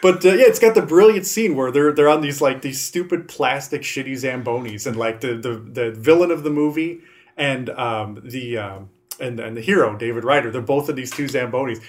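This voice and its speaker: Rambling, profane man chatting casually. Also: mid-range voice. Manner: rambling, profane, acts out scenes. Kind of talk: casual chat about bad movies.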